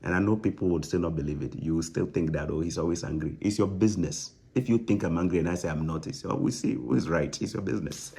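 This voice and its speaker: Stern man, deep and husky. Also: fast, dark tone. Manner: stern, emphatic and lecturing, with frequent repetition. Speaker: online content creator answering viewers. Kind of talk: live stream chat, reading viewer comments.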